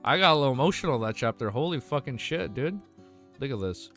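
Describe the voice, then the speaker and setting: A man's voice: mid-range voice, expressive, fast, fairly bright tone, soft background music. A young man streaming, reading a web novel aloud and breaking off to swear and react emotionally. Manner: swears freely, reacts emotionally between passages.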